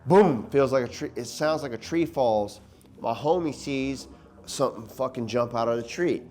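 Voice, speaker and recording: A man's voice: mid-range voice, moderate pace, a little mellow, slight background noise. Rowdy profane man telling stories. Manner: rowdy, profane, laughing storyteller. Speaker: guest. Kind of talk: casual storytelling chat.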